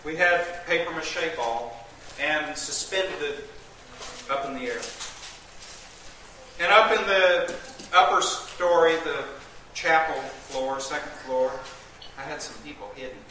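A high-voiced man preaches with fervor, rising to loud proclamations and dropping to low, urgent warnings. His voice bounces around a big reverberant hall, heard from well back from the microphone. A steady wash of background noise sits under his words. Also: slow pace. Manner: emphatic, swings from loud declaiming to low intensity. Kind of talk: fervent sermon. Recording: echoey room, far from the mic, noisy.

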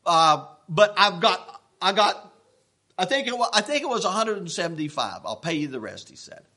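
Man preaching, very high voice, lively swooping delivery, folksy and worked up. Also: normal speed. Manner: folksy, animated, getting worked up. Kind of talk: sermon storytelling.

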